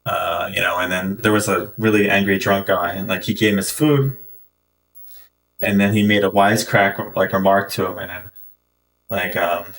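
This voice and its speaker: A man's voice: low voice, normal speed, fairly bright tone, far from the mic. A man streaming a game and rambling through casual anecdotes full of fillers and restarts. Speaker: gaming streamer. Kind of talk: casual storytelling while playing.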